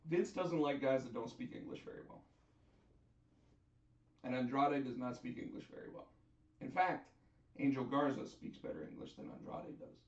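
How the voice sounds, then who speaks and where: A man hosting a casual wrestling chat on a live stream, chatty and animated as he tells what happened. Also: medium pitch, normal speed, long pauses. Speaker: host. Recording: echoey, distant, dull sound.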